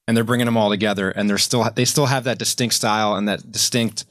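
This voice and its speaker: A man's voice: on the low side, fairly even intonation, quick pace, a bit bright, dry recording. A man co-hosting a casual podcast chat, laid-back and profane, laughing often as he tells stories. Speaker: podcast co-host.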